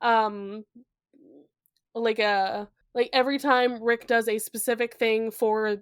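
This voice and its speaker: Chatty high-voiced young woman. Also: fairly even intonation, slow pace, clean tone, dry recording, clean studio sound. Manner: chatty, laughs often, playful asides. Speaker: podcast co-host. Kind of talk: casual book-discussion chat.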